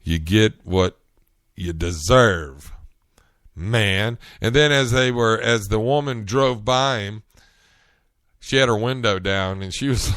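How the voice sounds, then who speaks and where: Man, Southern US accent, very low voice, dry recording, chatty storyteller. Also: slow, a bit bright, smooth, dry recording. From North Carolina, US. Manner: chatty, storytelling, frequent restarts. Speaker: podcast host. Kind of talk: casual solo monologue.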